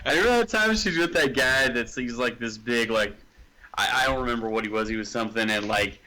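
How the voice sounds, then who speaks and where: A man's voice: medium pitch, fast, pushed and bright, poor audio. A man co-hosting a casual horror movie podcast, rambling with many restarts. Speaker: podcast co-host.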